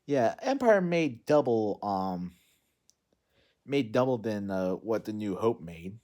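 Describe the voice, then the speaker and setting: Man, lowish voice, loose unscripted movie recap, rambling with lots of fillers and restarts. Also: sing-song, takes it slowly, warm tone. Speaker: movie vlogger.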